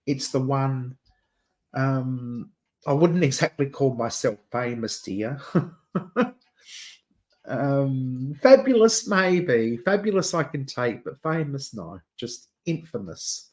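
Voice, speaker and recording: A man from Adelaide with an Australian accent hosts a relaxed livestream chat, camp and talkative, laughing a lot and calling his listeners "dear." His voice is medium-pitched with wide swings in pitch, and he speaks slowly.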